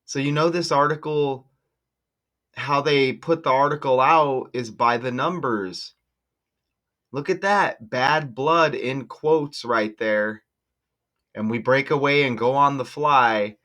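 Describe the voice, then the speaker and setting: A man hosting his own channel, talking casually and excitedly to viewers while walking through on-screen material, exclaiming often. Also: mid-range voice, slow. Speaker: channel host decoding news numbers. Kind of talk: casual screen-share commentary.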